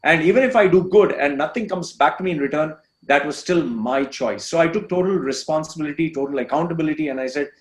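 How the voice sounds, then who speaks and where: A man's voice: fairly high pitch, fast, few pauses. Earnest man telling his story, echoey room. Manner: earnest, repetitive, emphatic phrasing. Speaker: podcast guest. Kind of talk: candid personal storytelling.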